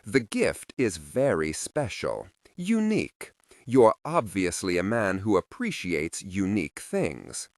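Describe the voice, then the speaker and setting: A man's voice: deep voice, huge pitch swings, slow pace, dry recording, clean studio sound, heavily acted. A man voicing a blunt, bold young woman. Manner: blunt, matter-of-fact, pushy. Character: blunt, curious young woman bargaining boldly.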